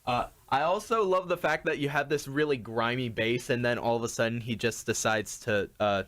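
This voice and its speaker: A man's voice: mid-range voice, moderate pace. Young man hosting a casual music chat. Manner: relaxed, hesitant, many restarts and laughs. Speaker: podcast host.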